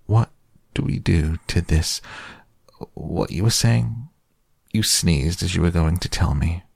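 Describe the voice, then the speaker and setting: A man voicing a humble, simple-minded bear who loves honey, speaking softly and dreamily in a deep, gravelly voice. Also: lively intonation, slow pace, dry recording, clean studio sound, heavily acted. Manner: soft, humble, a bit dreamy.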